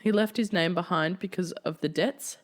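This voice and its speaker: A woman's voice: lowish voice, moderate pace. A woman hosting a casual true-crime podcast, swearing freely and laughing through the grim details. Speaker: podcast host telling a true-crime case.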